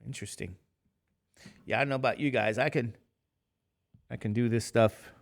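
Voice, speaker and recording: A man's voice: medium pitch, fairly even intonation, moderate pace. A man in his fifties, a math teacher talking casually and rambling to his class between examples. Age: 50s. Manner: chatty, rambling, jokey asides to students.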